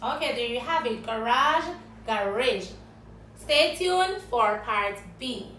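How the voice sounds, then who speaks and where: A woman's voice: on the high side, animated, measured pace, fairly bright tone, reverberant, recorded from a distance, a little hiss or hum, rough recording. A woman with a Jamaican accent teaching an English vocabulary lesson, spelling words letter by letter and quizzing a guest.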